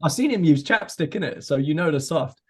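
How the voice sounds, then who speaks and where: Teasing male podcast host, raised pitch. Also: lively intonation, a little mellow, slightly rough. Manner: teasing, joking, quick-fire questions. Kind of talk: casual comedic interview.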